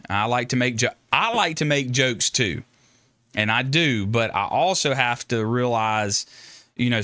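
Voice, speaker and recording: A man with a sharp, medium-pitched voice runs a casual livestream, rambling and joking with viewers and frequently restarting his sentences. There is no room sound.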